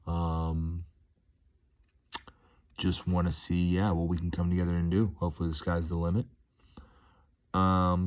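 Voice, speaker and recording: A man's voice: low-pitched, flat delivery, measured pace, long pauses, a little mellow. A man talking casually to his viewers in a rambling, playful, enthusiastic vlog monologue, chuckling as he goes. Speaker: vlogger. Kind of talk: casual upbeat monologue to camera.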